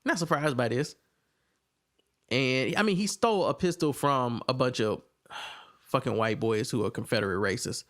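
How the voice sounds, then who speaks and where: A man recaps a TV episode in a loose, casual podcast chat. He has a mid-range voice that jumps much higher when he quotes the characters. His talk stays rambling and animated, full of restarts. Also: normal speed, pauses often. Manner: animated retelling, acts out characters' lines in a raised voice. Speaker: podcast co-host reviewing a TV episode.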